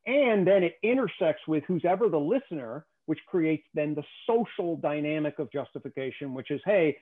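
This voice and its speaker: A man's voice: fairly high pitch, animated, moderate pace. A man as a guest explaining a theory in conversation, emphatic and often checking in with "okay?". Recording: tinny phone-like call audio.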